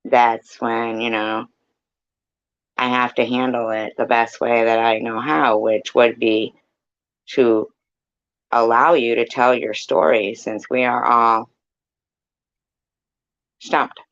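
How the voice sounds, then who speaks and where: A man hosts an unscripted live chat room, talking in a rambling, blunt way and cursing freely. His voice is gravelly and his delivery drawn out and slow. The audio is muffled and lo-fi, like a stream captured on modest gear. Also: mid-range voice, little pitch movement, a bit bright.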